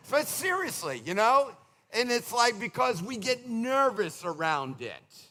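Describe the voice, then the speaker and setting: A male pastor preaching a sermon in a conversational, animated way, slipping into quick mimicked asides. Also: very high-pitched. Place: church sanctuary.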